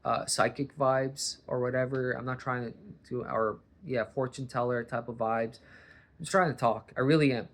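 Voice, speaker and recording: A man's voice: mid-range voice, fairly even intonation, normal speed. A man from Boston talking to camera at home in a rambling, self-interrupting monologue, recorded on his coffee table. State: warm under a sweater, hat and blanket. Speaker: vlogger.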